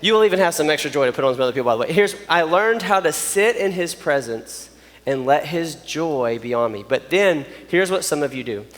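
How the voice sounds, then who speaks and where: A man, preaching a joking, animated youth sermon straight to his audience. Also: a little high, brisk. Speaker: youth pastor. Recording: long reverb of a large hall.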